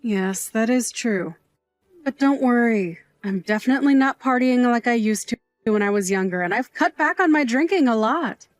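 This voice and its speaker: Woman doing a fond sassy auntie, middle-aged, high bright voice, dry close sound. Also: lively intonation, no room sound, faint music behind, natural voice. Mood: reassuring. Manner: playful, mock-offended, quick to tears. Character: doting middle-aged aunt, sassy bar worker. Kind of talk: audio drama acting.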